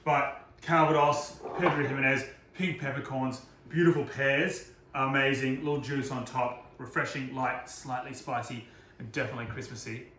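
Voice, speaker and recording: A man's voice: medium pitch, fairly even intonation, moderate pace, a bit bright, reverberant, slight background noise. A man giving a casual cooking demonstration, chatty and self-deprecating, joking about his own slips.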